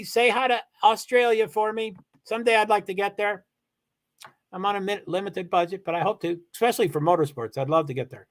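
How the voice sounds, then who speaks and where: A man hosting a livestream, chatting casually and rambling as he reads viewer comments and thanks people with frequent restarts. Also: high-pitched. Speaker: livestream host.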